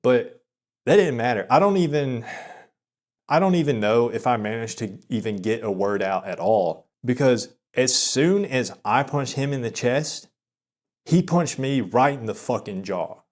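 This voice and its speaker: A man in his thirties telling a personal story in a rambling, self-deprecating way, with many halting restarts. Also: mid-range voice, lively intonation, a little mellow. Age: 30s. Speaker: vlogger. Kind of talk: confessional storytelling monologue.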